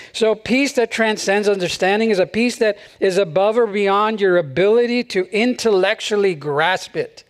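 A high-voiced pastor chuckling through his sermon. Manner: conversational, chuckles often between phrases. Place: church service.

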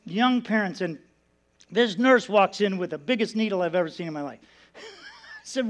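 A man's voice: high-pitched, moderate pace, slight background noise. A middle-aged man preaching, telling a personal story with earnest emotion and acting out the voices in it. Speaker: pastor. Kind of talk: sermon.

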